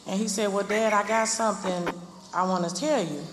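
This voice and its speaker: A woman slowly and earnestly telling a personal story as a mother. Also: mid-range voice, fairly even intonation. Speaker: mother remembering her son. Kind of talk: emotional personal testimony. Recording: echoey room with loud noise.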